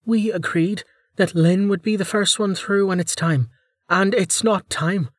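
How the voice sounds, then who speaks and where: A man's voice: sits high, a little slow, breathy edge, no room sound, clean studio sound, voice pushed up. Stern woman commander, raised voice, clipped and weary; male narrator. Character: composed, commanding woman leader.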